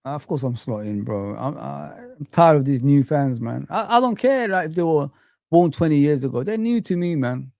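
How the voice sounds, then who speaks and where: A man's voice: a little high, lively intonation, moderate pace, gravelly, darkish tone, no room sound, studio quality. A man hosting a football live stream, ranting in heated street slang as he reads the chat.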